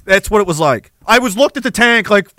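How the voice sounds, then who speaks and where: A middle-aged man hosting a podcast, ranting with heavy profanity and jumping between war stories and shouted quotes. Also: high-pitched, expressive, brisk, dry recording. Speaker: podcast host. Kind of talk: ranting monologue.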